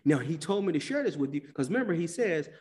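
A man preaching a sermon as pastor, rising to loud emphatic lines and dropping to hushed ones, sometimes acting out quoted voices in colloquial speech. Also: fairly high pitch, big pitch swings, quick pace. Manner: dynamic preacher, swings between loud emphasis and hushed drops.

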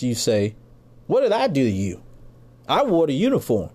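Speaking at normal speed with huge pitch swings, a middle-aged American man unleashes an angry, profanity-laden political rant on his podcast. His voice is medium-pitched with a darkish tone.

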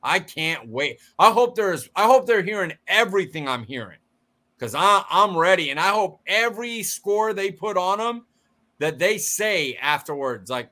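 A man co-hosting a sports podcast, fired up and blunt, mocking pundits in quick bursts. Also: sits high, sing-song, sharp tone. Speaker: podcast co-host. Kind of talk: casual sports chat.

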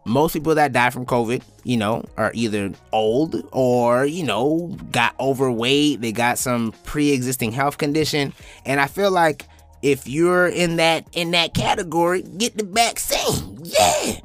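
A man in his twenties doing a profane comedic monologue as a podcast host, swinging up into high-pitched impressions. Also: unhurried, faint music behind. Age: 20s.

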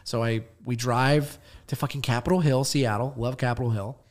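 A young man talking casually on a podcast, telling a long, rambling story. He swears freely and keeps circling back with fillers. His voice sits at an ordinary, mid-range pitch for a man. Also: steady tone, normal speed. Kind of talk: casual chat.

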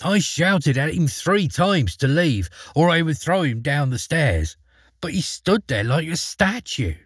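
A man reading aloud as an earnest, fearless young lad, his husky voice rising and falling with lively intonation. The sound is close and dry, with no room around it. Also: fairly high pitch, unhurried, dry recording, pitched above the performer's own voice, heavily acted. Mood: pleading. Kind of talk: storybook reading.

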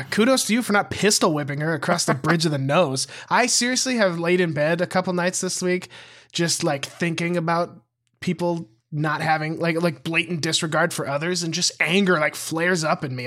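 A man co-hosting a podcast in casual chat, animated, laughing often and swearing freely. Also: on the high side. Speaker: podcast co-host.

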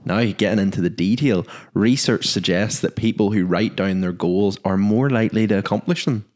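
Guy hosting a podcast, low-ish voice, jokey and lively. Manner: lively, joking, quick asides. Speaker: podcast host. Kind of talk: casual chat.

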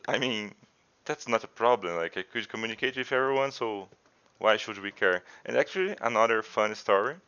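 A man whose first language isn't English tells casual stories in a chatty way, often saying "like." His fairly low voice sounds pushed, bright, and clean in tone, though the lo-fi audio is dull.

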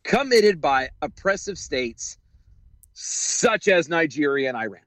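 A man co-hosting a casual commentary show, reading news aloud in a sarcastic, animated way and laughing often. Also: a little high, slow, no echo. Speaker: podcast co-host.

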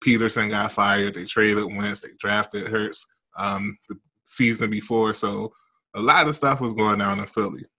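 Deep voiced guy on a sports podcast, kinda low but punchy, gets animated. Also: measured pace. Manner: animated, emphatic and conversational. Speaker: podcast co-host. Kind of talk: casual sports podcast chat.

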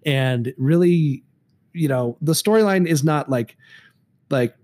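A man's voice: on the high side, slow pace, a little mellow. A man co-hosting a casual podcast, rambling with lots of fillers and restarts. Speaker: podcast co-host. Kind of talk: casual chat about horror movies.

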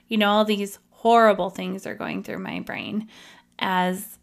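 Woman podcast host, casual confessional storytelling, emotional and open, mid pitch. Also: steady tone, a little slow, gravelly.

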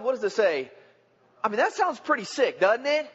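A man with a strikingly high voice preaches a sermon, folksy and joking, chatting with the congregation as he goes. The recording is dull and lo-fi, with a long reverb from a large church hall. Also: sing-song, moderate pace, fairly bright tone, breathy edge.

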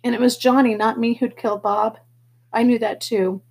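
A woman reading a novel aloud in first person, steady and plain, with the odd slip. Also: a little high, normal speed, vocal fry, husky. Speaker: audiobook reader.

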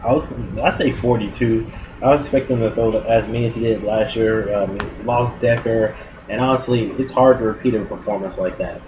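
A man co-hosting a casual sports chat, relaxed and joking as he runs through a team's schedule. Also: fairly low pitch. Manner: relaxed, joking, lists teams quickly. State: hiccups. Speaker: podcast co-host. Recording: noticeable background noise.

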